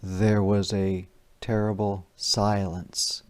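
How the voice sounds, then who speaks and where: A man teacher doing an interactive read-aloud for young children, pausing to ask questions and explain words. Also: on the low side, little pitch movement.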